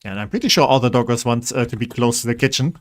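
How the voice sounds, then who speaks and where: Male game streamer, mid-pitched, casual and rambling, coaxes pets, easygoing chat. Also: fast. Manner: chatty, rambling, coaxing pets. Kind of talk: casual gameplay commentary.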